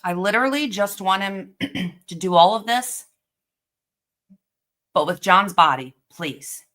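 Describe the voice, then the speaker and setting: A woman's voice: mid-range voice, animated, takes it slowly, a bit bright. A woman hosting a casual livestream commentary, reacting bluntly with swearing and disbelief. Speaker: host.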